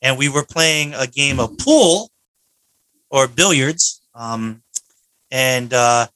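A man's voice: medium pitch, lively intonation, slow pace, sharp tone, dry recording, low-quality recording. A man hosting a casual podcast chat, joking around and rambling with lots of fillers. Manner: jokey, rambling with many fillers. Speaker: podcast host. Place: home podcast studio.

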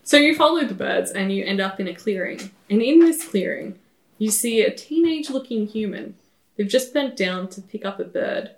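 A woman's voice: mid-range voice, animated, normal speed, roomy sound. A woman narrating a tabletop game as game master, describing scenes with a laugh now and then.

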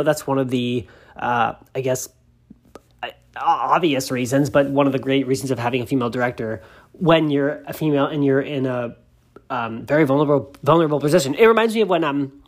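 A man hosting a celebrity news show, chatty and gushing, reading out news stories with many asides. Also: medium pitch. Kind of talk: casual gossip commentary, reading news aloud.

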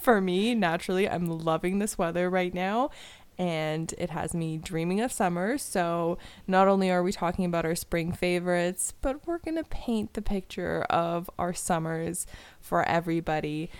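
A woman's voice: lowish voice, normal speed, smooth, no echo. A young adult woman co-hosting a podcast, chatting playfully and teasing her co-host. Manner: playful, teasing, laughs often. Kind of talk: casual chat.

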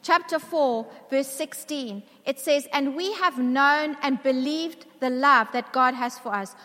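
A woman's voice: high voice, unhurried, fairly bright tone. A woman preacher giving a sermon to a church congregation, emphatic, asking the congregation questions. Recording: long reverb of a large hall.

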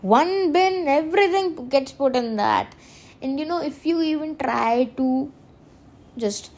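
A fairly high-voiced woman, talking on her own podcast. She rambles in an earnest, casual way, restarting her sentences and breaking into small laughs. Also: lively intonation, slow, darkish tone. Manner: rambling and earnest, self-correcting, laughs often. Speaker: podcast host. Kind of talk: casual solo podcast monologue.

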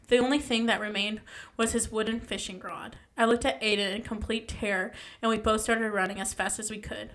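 A woman's voice: on the high side, fairly bright tone. A young woman casually reading a ghost story aloud, stumbling and correcting herself as she goes.

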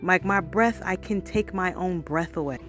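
A woman's voice: on the low side, moderate pace, fairly bright tone, faint music behind. A woman vlogger recording herself, talking through an earnest, casual motivational monologue, calling listeners "y'all" and often asking if they know what she means. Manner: earnest, conversational, often asks "you know what I mean?". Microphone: recording herself for her channel.

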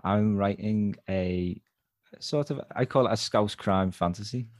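Man, Liverpool accent, guest author, earnest, halting, low voice, dry sound. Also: no room sound. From Liverpool, England. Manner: halting, restarts phrases, earnest. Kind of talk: casual interview chat.

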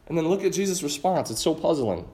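Male pastor, high-pitched, casual and emphatic sermon delivery, stumbles and restarts often. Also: animated, fast, mellow, echoey room. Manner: conversational, emphatic, frequent restarts.

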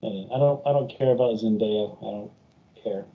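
A man with a fairly low voice gives blunt, emphatic opinions in casual chat, tripping over restarts. The audio sounds dull and lo-fi. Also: normal speed.

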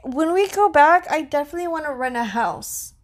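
Female podcast co-host, high voice, teasing, frank, casual. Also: lively intonation, a little fast. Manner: teasing, frank, laughs easily. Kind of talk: casual chat.

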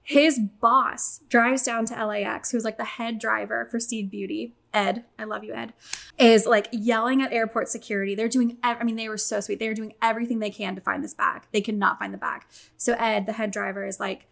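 Woman, young adult, vocal fry, slightly high pitch, animated storyteller, casual swearing. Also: a little fast.

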